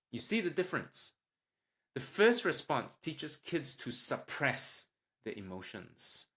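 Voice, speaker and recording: A man hosting a solo parenting podcast, calmly explaining tips and acting out sample lines a parent might say. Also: mid-range voice, takes it slowly. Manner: calm, explanatory, acts out parent lines with a livelier voice. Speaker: podcast host, parenting doctor.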